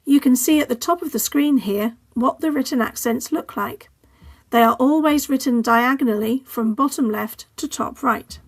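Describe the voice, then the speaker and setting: A woman with an English accent, a languages teacher narrating a scripted lesson in a clear, measured way and carefully modelling example words. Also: fairly high pitch.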